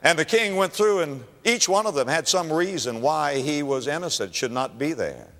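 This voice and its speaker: A male preacher delivers an emphatic sermon, swinging widely in pitch and driving home his points with repetition. His voice is bright and forceful, with a long hall reverb trailing behind it. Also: expressive, normal speed. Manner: emphatic storytelling with repeated phrases.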